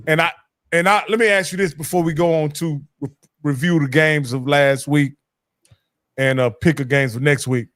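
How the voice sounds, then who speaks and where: Male host, easygoing, raised pitch, dry mic, casual sports talk. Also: fairly even intonation, normal speed, a bit bright, no room sound. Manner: laid-back, friendly, says "man" often. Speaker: show host.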